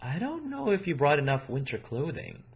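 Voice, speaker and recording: A timid young woman, as a man reads her, speaking softly and with hesitation, stammering a little. Her lines are lively in pitch despite the quiet delivery. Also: normal speed, vocal fry, slightly rough, exaggerated voice.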